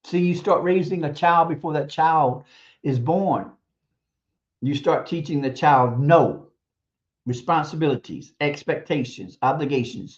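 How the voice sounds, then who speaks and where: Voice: medium pitch, a little slow, highs cut off. A stream host who works as a teacher, giving a casual advice monologue about raising children, talking emphatically, repeating words for stress and chuckling between points.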